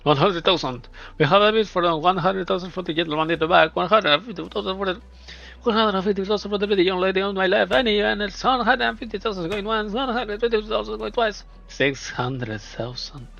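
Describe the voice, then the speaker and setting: A man voicing a formal male auctioneer who announces the items and bids in a brisk, showy way. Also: high voice, vocal fry, a bit bright, voice pushed up. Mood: announcing. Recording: dull lo-fi, faint music.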